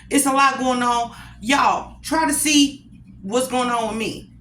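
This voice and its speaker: A woman chatting casually with her viewers from home as a cooking vlogger, addressing them directly and warmly as a group. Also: fairly high pitch, a little slow, echoey room, a little hiss or hum, rough recording. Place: at home while eating a meal.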